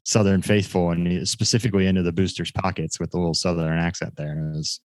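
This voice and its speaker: A man with a very low voice co-hosts a sports podcast, trading sarcastic jokes in casual chat. His voice sounds dry and close, with little room around it. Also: flat delivery, quick pace, a little mellow, no echo. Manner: joking, sarcastic. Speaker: podcast co-host.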